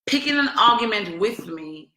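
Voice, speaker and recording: A woman's voice: medium pitch, lively intonation, normal speed, bright, forceful tone, roomy sound. A woman hosting a podcast, telling a personal story in an emotional, emphatic way, with lots of repetition. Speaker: podcast host.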